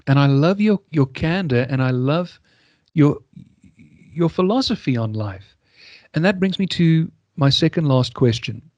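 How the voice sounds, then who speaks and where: A man's voice: medium pitch, a little mellow, no echo, muffled recording. A man hosting a podcast interview, chatty and enthusiastic, often repeating himself. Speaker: podcast host. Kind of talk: casual interview chat.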